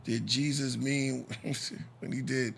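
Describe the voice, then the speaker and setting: A man's voice: medium pitch, flat delivery, takes it slowly, vocal fry, breathy edge. Laid-back male podcast host. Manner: laid-back, mediating, brief affirmations. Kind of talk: live podcast hosting.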